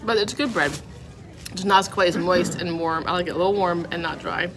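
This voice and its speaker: A woman gives a casual, chatty food review from a restaurant, scoring every dish out of ten with candor. Her voice is fairly low and steady in tone, her delivery brisk, over restaurant background noise.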